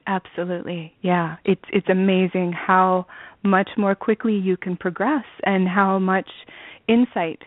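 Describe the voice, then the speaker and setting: A woman's voice: medium pitch, steady tone, a little slow, no echo. A woman interviewed as a student guest, talking earnestly and laughing readily, over a dry, tinny phone line.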